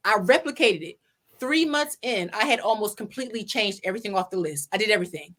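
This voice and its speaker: A woman, a podcast guest, telling her story in a casual interview from her home office over a video call, animated and acting out her own past words. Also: medium pitch, quick pace. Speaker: podcast guest, pageant winner and salon owner.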